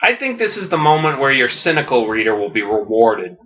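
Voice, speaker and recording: A man rambles through a comedic story pitch, piling on fillers with deadpan enthusiasm. His voice is bright and edgy, at a middle pitch, and the podcast audio sounds dull and lo-fi. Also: brisk.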